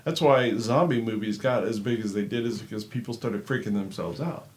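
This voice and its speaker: A man's voice: lowish voice, fairly quick. A man co-hosting a casual talk show, swearing freely, laughing often and acting out quotes. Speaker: show co-host. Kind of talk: casual banter.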